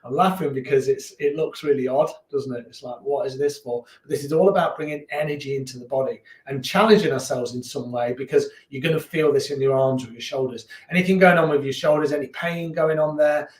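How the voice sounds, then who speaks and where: Relaxed man guiding yoga, echoey room. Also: mid-range voice, a little fast, few pauses, far from the mic. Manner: relaxed, encouraging, chatty, laughs at himself. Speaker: yoga instructor. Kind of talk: guided beginner yoga class.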